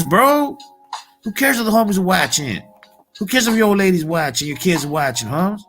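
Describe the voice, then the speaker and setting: Man, bright forceful voice, profane motivational rant, faint music bed. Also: high-pitched, vocal fry. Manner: profane, heated, repetitive street slang. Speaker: motivational vlogger.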